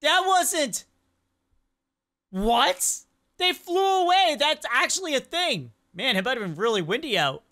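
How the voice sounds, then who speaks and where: A woman's voice: high voice, measured pace. A young woman hosting a reaction video, chatting casually and exclaiming at funny clips. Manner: animated, exclaiming and questioning clips.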